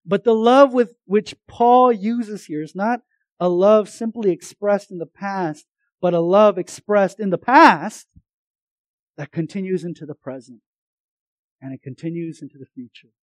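A man with a high voice preaches a sermon, rising to loud emphatic lines and dropping to hushed, earnest ones. He slips light jokes in between points. The sound is dry and close, with no room echo. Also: a little slow.

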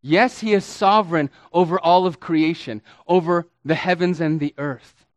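In a dry recording, a pastor with a fairly high-pitched voice preaches a sermon. He teaches with deliberate emphasis, lengthens key words and calls his listeners beloved and friends.

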